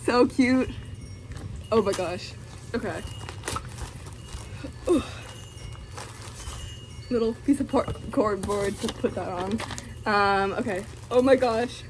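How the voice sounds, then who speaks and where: A woman's voice: medium pitch, slow, long pauses, noisy background. A young woman vlogging casually, giggling and gushing with many fillers as she unboxes something.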